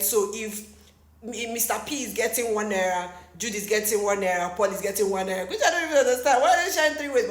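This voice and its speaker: Excitable Nigerian woman gossip vlogger. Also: mid-range voice. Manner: animated, exclamatory, laughs often, mixes in pidgin. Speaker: entertainment news vlogger. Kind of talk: casual gossip commentary. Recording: echoey room.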